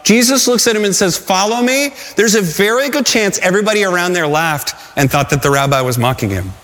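A man preaching a sermon, telling stories with animated energy and asking the congregation rhetorical questions. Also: sits high, fast talker, big-room sound. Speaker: pastor.

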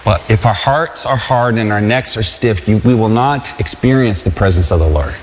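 A man preaching a sermon in an earnest, halting way, with restarts and calls that rise to shouts. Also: fairly low pitch, slight background noise. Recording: long hall reverb.

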